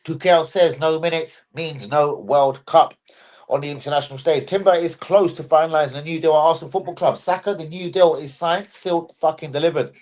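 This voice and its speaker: A man's voice: a little high, fairly quick, darkish tone. Man, young adult, fan stream host, sweary, jokey, rambling. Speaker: football fan channel host. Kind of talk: casual live-stream chat.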